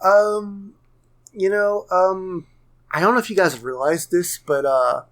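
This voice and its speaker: Guy with a kinda high voice, jokey rambling podcast chat, lots of uhs. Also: slow, fairly bright tone. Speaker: podcast co-host. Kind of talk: casual gaming podcast chat.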